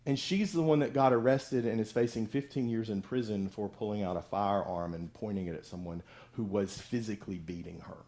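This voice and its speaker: A man's voice: on the low side, a little fast, few pauses, warm tone. A middle-aged male pastor giving a conversational sermon, acting out the voices of people in the story he tells.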